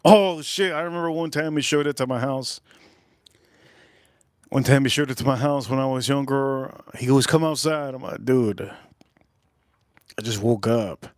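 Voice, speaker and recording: A man's voice: medium pitch, fairly even intonation, moderate pace, smooth, no room sound, clean studio sound. A man hosting a live stream, telling rambling stories in loose, slangy casual chat. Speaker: livestream host, whiskey reviewer.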